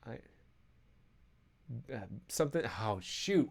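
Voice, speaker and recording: A man's voice: medium pitch, moderate pace. A man casually thinking aloud as he live-streams coding, full of fillers and restarts. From Canada.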